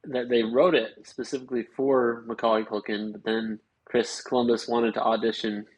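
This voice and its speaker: Husky guy chiming in on a movie podcast, laid back, says like a lot. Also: mid-range voice, moderate pace, rough recording. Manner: relaxed, agreeable, filler-heavy. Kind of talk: casual movie chat.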